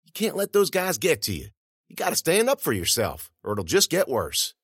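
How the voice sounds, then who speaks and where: A man's voice: wildly swooping pitch, moderate pace, fairly bright tone, husky, no room sound, studio quality, heavily acted. A man voicing an earnest teenage girl. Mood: urging. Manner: higher, eager and pleading. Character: teenage high school girl, earnest and pushy.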